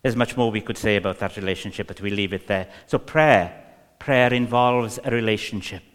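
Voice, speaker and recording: A man's voice: lowish voice, normal speed, clean tone, in a large hall. A man with a Welsh accent preaching a sermon, emphatic and repetitive with many fillers.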